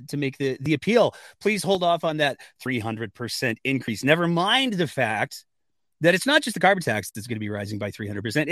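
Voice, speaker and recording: A man hosting political commentary, sarcastic and animated, with mocking asides. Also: on the high side, no room sound, studio quality.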